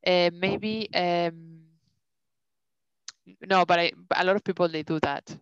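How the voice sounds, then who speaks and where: A woman's voice: lowish voice, steady tone, unhurried, smooth, no room sound. A woman from Spain with a Spanish accent, co-hosting a casual chat, talking freely with lots of fillers and restarts. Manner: chatty, laughing, many fillers and restarts. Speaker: podcast co-host. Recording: dull lo-fi dry sound.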